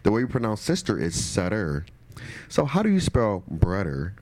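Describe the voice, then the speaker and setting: Man, radio host, very low voice, lively intonation, playful, teasing, repeats phrases. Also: brisk. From Milwaukee. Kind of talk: playful quiz game hosting. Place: radio studio.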